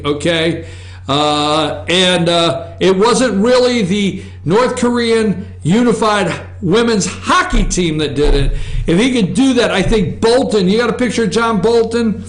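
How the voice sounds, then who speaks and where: A man's voice: sits high, a little slow, soft background music. A man hosting an opinionated news talk show from an office, rambling and sarcastic, with asides to his crew. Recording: echoey room.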